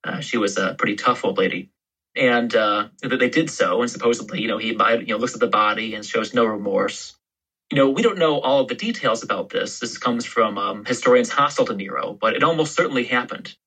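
Historian guest, male, bright and slightly husky, rambling explainer. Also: mid-range voice, brisk, rough recording. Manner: explains history in long, loose storytelling turns. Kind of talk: podcast interview.

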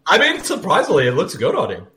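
A man's voice: high voice, wildly swooping pitch, crowd noise. A man co-hosting a casual movie commentary, joking and laughing often. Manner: jokey, laughing, quick asides. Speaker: podcast co-host. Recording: roomy echo.

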